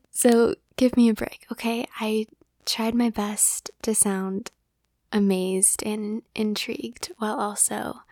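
A young woman reads comments in a soft, breathy whisper, giggling between them and poking fun at herself. Her voice is flat and gravelly, with little pitch movement. The mic sits close in a dead, dry space. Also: no echo. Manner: whispered, giggly, self-deprecating. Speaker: ASMR audio creator.

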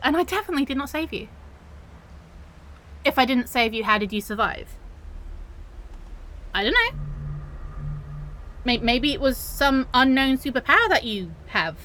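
A woman's voice: high-pitched, a bit bright, slight background noise, low-quality recording. A woman playing a flustered otter-girl supervillain. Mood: flustered denial. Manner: indignant, flustered, protests too much and stumbles over words. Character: touchy young female otter-girl supervillain, flustered and defensive. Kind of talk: audio role-play monologue to the listener.

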